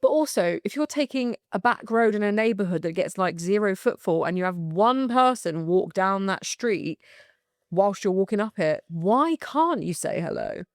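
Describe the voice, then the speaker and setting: A young woman with a British accent hosting a candid solo podcast, swearing freely and talking in an animated way with bursts of laughter. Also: mid-range voice, normal speed, no room sound, clean studio sound. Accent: British English. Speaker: podcast host.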